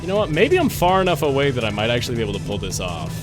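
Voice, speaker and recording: A man with a mid-range, sing-song voice races through live commentary while streaming a game, with its music playing in the background. He rants in frustration, full of curses and laughter.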